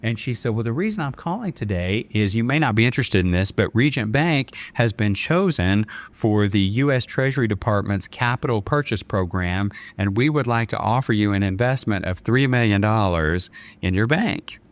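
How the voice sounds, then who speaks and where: Lower-voiced man telling a dramatic story. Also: expressive, moderate pace. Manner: earnest, dramatic retelling with quoted dialogue. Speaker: bank chairman and podcast guest. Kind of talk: storytelling in an interview.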